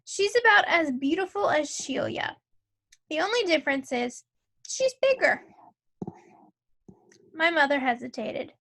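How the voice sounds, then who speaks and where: A woman reading a children's novel aloud as narrator, telling the story in a clear, measured way. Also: sits high, expressive, a bit bright.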